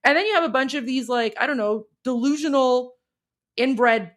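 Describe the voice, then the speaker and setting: A female live-stream co-host from Iran speaks with heat, packing her sentences with fillers. Her voice sits slightly high for a woman. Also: moderate pace, fairly bright tone. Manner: heated, lots of fillers.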